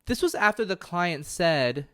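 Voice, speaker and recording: A man's voice: sits high, animated, a little slow, fairly bright tone, no echo, studio quality. A man hosting a solo podcast, talking in an earnest, impassioned way and often correcting himself mid-sentence. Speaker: podcast host.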